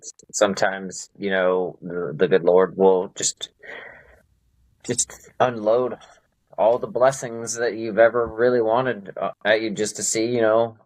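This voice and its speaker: A man's voice: on the low side, flat delivery, a little slow, low-quality recording. A man hosting a podcast, asking questions and sharing his own experience in a sincere, affirming way. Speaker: podcast host. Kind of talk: conversational interview.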